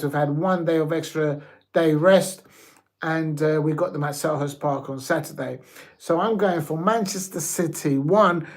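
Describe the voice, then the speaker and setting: A man hosting a live football watch-along, rambling excitably and stumbling over his words as he gives predictions. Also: a little high. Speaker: football fan channel host.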